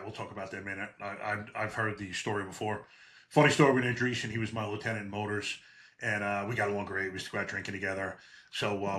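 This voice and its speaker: A man's voice: fairly low pitch, fairly bright tone. A man hosting a podcast, a retired police officer, telling stories bluntly with some profanity. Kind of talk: conversational interview.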